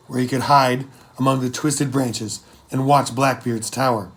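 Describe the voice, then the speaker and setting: A man narrating an adventure story as an audiobook, with steady storytelling delivery. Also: mid-range voice. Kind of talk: scripted narration.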